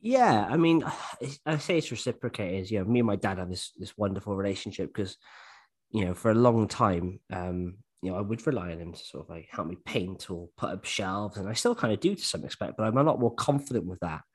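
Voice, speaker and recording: A man's voice: on the low side, animated, a little fast, husky. A man co-hosting a podcast in casual chat, who often slips into mimicking other people's voices. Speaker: podcast co-host.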